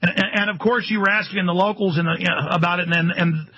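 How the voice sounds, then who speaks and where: A man's voice: high voice, steady tone, fast talker, a little hiss or hum. A man hosting a talk radio show, ranting furiously and stammering when overwhelmed, on a dull lo-fi radio broadcast. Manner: furious ranting, building to shouts. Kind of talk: angry talk radio rant.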